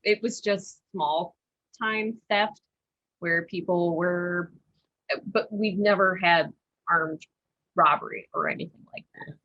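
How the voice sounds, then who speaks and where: A woman's voice: fairly low pitch, slow. Woman co-host on a muffled line. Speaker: podcast co-host. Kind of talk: casual chat.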